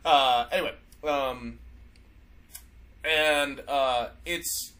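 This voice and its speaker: A man's voice: medium pitch, very slow, a bit bright, poor audio. A man co-hosting a casual podcast chat, rambling with lots of fillers and restarts. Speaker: podcast co-host.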